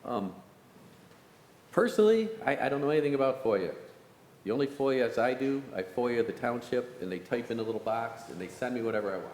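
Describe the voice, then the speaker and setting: A man's voice: medium pitch, animated, brisk, darkish tone. A council member weighing a request aloud, hesitant and wry, thinking as he talks. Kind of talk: council meeting deliberation. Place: council meeting chamber. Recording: echoey chamber with faint hiss.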